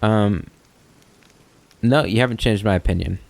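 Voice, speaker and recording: A man hosting a let's play, giving relaxed commentary, thinking aloud and correcting himself, and reading out game text. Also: lowish voice, a little slow, creaky. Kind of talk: casual gameplay commentary and reading.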